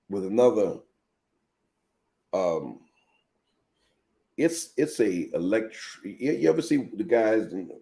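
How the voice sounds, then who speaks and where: Gravelly, slow-talking man preaching casually. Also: deep voice. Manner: animated, chatty storytelling that speaks straight to viewers. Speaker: pastor hosting a live noon teaching show. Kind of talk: casual live teaching with personal stories.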